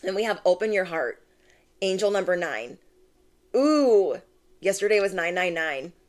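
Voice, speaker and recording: Casually reading tarot for her audience, a young adult woman speaks at a measured pace in a fairly low voice with lively intonation. She gushes constantly, full of "like" and "oh my gosh."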